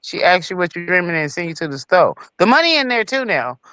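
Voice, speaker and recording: A woman's voice: lowish voice, big pitch swings, fairly quick, fairly bright tone, clear, resonant tone, no echo, poor audio. A woman co-hosting a podcast in casual chat, teasing and playful.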